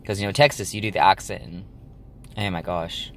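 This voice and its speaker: A man's voice: low-pitched, fairly even intonation, brisk, a little hiss or hum. A young man chatting casually to his viewers, rambling with lots of ums and likes. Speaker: vlogger. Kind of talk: casual chat to camera.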